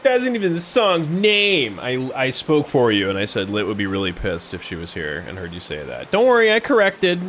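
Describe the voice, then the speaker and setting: A man's voice: mid-range voice, wildly swooping pitch, normal speed, few pauses, a bit bright, a little hiss or hum. A man casually chatting and joking on a live stream while playing a game, sometimes breaking into song. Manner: joking, sings song snippets.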